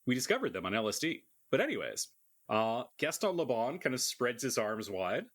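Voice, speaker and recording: A man's voice: medium pitch, big pitch swings, normal speed. A man narrating a tabletop role-playing game as game master, with wry joking asides.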